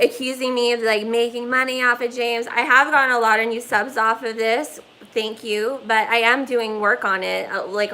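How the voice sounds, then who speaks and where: Woman host, casual phone livestream, rambling and profane, fillers everywhere, slightly high voice. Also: sharp tone, poor audio.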